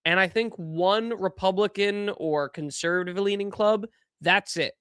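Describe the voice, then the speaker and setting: A young man hosting a podcast, giving casual political commentary in an animated, incredulous way that keeps trailing off and restarting. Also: sits high, normal speed, clear, resonant tone, no room sound, clean studio sound. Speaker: podcast host.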